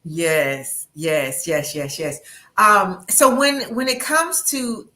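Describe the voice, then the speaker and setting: A woman's voice: on the low side, very animated, slow, sharp tone. A woman hosting an interview, talking in an emphatic, motivational way and often checking in with "right?". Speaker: interview host. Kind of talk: conversational interview.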